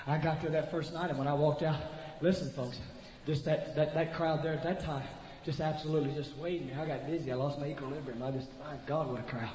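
Folksy preacher telling a story. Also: male voice, fairly high pitch, fairly even intonation, brisk, darkish tone. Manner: folksy, repetitive, addresses audience directly. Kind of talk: humorous sermon storytelling. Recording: echoey hall, dull lo-fi sound, faint noise.

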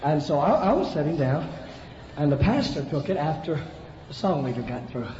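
A man preaching tells a humorous tale in folksy style, often repeating himself and speaking directly to those listening. His voice is fairly high and darkish with lively intonation at normal speed, heard in an echoey hall through dull, lo-fi audio with faint noise.

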